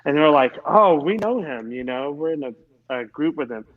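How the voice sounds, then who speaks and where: A man talking through earbuds, telling a story in a relaxed, rambling way with many fillers. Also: fairly high pitch, moderate pace, highs cut off. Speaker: musician guest. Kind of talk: casual storytelling chat.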